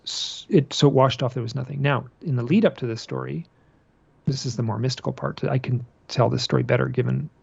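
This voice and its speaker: A man being interviewed about a personal experience, telling it as an animated story, often repeating phrases and restarting his sentences. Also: medium pitch, brisk, creaky, slightly rough, dry recording, lo-fi sound. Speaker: podcast guest.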